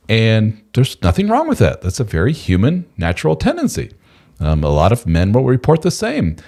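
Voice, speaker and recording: Brief: low male host, very lively pitch, animated storyteller on a live chat. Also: normal speed. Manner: animated storytelling, acts out quoted voices. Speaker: podcast host.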